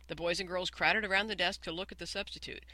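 An audiobook narrator reading a children's story in an even, measured way. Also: mid-range voice, no echo, poor audio. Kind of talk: scripted narration.

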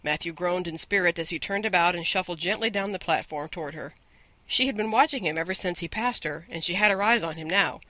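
Bright, high-voiced male storyteller. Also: fairly quick, no echo. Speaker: audiobook narrator. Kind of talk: scripted storybook narration.

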